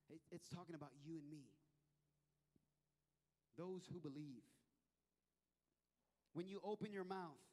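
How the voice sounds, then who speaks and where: A man's voice: a little high, a little mellow. A man preaching a sermon to his church, talking conversationally and acting out little scenes with different voices. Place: church sanctuary. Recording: long reverb of a church hall.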